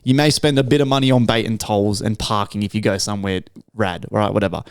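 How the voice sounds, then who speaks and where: A man's voice: lowish voice, fast, smooth, no room sound, clean studio sound. A young Australian man co-hosting a podcast, telling a story in casual chat, swearing freely and full of slang. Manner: profane, animated storytelling with heavy slang. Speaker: podcast co-host.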